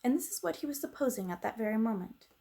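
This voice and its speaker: Gentle woman reading a storybook aloud. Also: fairly high pitch, lively intonation, fast talker, gravelly. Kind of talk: reading a children's book aloud.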